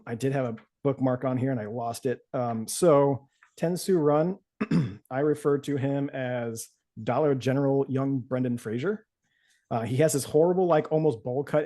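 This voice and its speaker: A man's voice: medium pitch, dark tone. A man hosting a podcast, chatting casually and loosely about a comic, with many fillers. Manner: rambling, loose, with many fillers and quoted voices. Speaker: podcast host. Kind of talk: casual chat recapping a comic.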